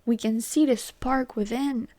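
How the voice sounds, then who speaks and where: A woman giving a tarot reading, talking softly and reassuringly, often dropping into a whisper and calling the listener baby or honey. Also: a little high, steady tone, unhurried. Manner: chatty and affectionate, calls the listener baby and honey. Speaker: tarot reader. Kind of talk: intuitive tarot reading to viewers.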